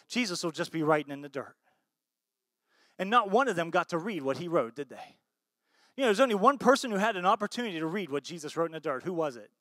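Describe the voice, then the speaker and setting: An American man preaching a sermon as pastor, swinging between loud emphatic bursts and low soft asides, and often asking the congregation questions. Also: no room sound, clean studio sound. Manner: asks the congregation rhetorical questions.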